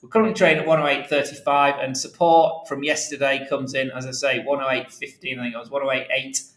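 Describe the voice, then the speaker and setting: A man talks viewers through currency charts live, pausing with frequent "uh"s and restarting sentences. His voice sits at an ordinary middle pitch, and the room around him rings noticeably. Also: little pitch movement, a bit bright. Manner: halting, many fillers, talks to viewers while searching charts. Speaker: market analyst. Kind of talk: live market commentary over charts. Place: office workstation. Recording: roomy, sometimes away from the mic.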